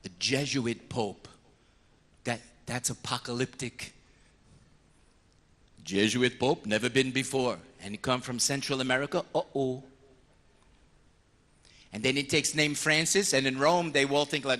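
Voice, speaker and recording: A priest giving a lively sermon on confession, acting out penitents and priests in short voices. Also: male voice, medium pitch, unhurried, long pauses, in a large hall. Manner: animated storyteller, slipping into voices of penitents and priests.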